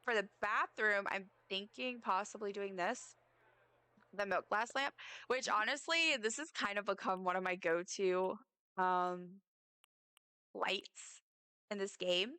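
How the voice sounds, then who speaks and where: Girl streamer just yapping while she plays, bright clear voice, real dry sound. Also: medium pitch, unhurried, no echo. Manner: chatty, rambling, self-mocking asides. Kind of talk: casual live-stream chat while gaming.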